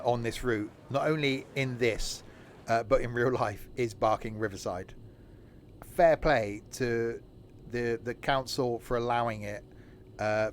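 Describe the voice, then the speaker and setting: A man's voice: medium pitch, slight background noise. Chatty self-mocking male gaming streamer. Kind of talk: casual chat while playing a train sim.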